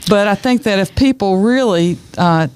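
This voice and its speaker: A woman's voice: medium pitch, normal speed, a little mellow, smooth. A woman with a Southern American accent from North Carolina, a guest chatting earnestly and proudly in an interview. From North Carolina, USA. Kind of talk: casual interview chat.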